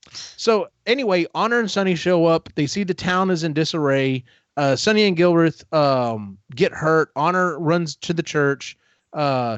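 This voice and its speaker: A man's voice: a little high, no echo. Man rambling through a dull lo-fi recap. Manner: rambling retelling, quick acted-out quotes. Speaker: podcast host. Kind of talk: casual book-club recap. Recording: dull, dry lo-fi podcast audio.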